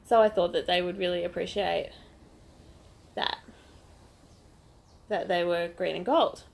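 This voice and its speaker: A woman's voice: lowish voice, fairly even intonation, measured pace, gravelly, a little mellow. An Australian woman, a bit sick with a voice that is not projecting, chatting casually and gushing in a crochet vlog. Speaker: crochet vlogger.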